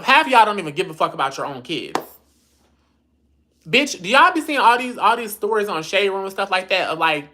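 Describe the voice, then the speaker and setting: A woman's voice: fairly low pitch, sharp tone. A woman hosting a casual livestream, blunt, sassy and profane, reading viewer comments aloud and answering them. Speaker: livestream host.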